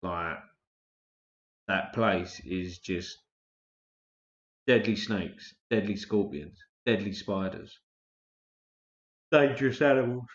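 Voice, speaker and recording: A man hosting a casual livestream chats loosely and swears freely, tired and yawning. His voice sits low with fairly even intonation, and he takes it slowly with long pauses. The stream audio is roomy, dull and lo-fi.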